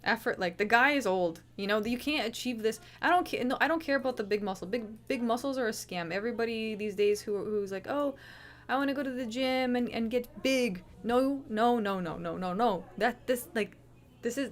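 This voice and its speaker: A woman's voice: fairly high pitch, a little fast. A woman hosting a livestream, chatting casually and rambling with swearing and lots of restarts. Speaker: livestream host.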